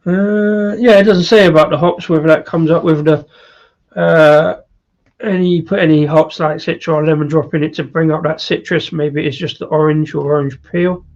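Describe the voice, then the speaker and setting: A man's voice: a little high, steady tone, normal speed, darkish tone, lo-fi sound. A man hosting a casual live-stream beer review, rambling with lots of fillers and chuckles. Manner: rambling, with many fillers and laughs.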